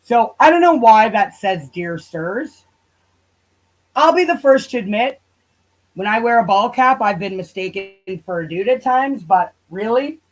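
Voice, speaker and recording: A woman's voice: fairly high pitch, lively intonation, measured pace, poor audio. A woman livestreaming on her channel, ranting in a casual, profane and heated way and now and then drifting away from the mic. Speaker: YouTube livestreamer.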